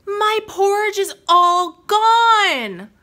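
Storybook mama bear, fussy and shrill, high bright voice, played by a woman reader. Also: very animated, extremely slow, full character voice. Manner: shrill and alarmed.

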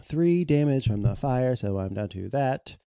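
A man's voice: mid-range voice, lively intonation, measured pace, vocal fry, warm tone, clear, resonant tone, dry recording, clean studio sound. A man playing a tabletop game, joking and playful as he takes his turn. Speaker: player.

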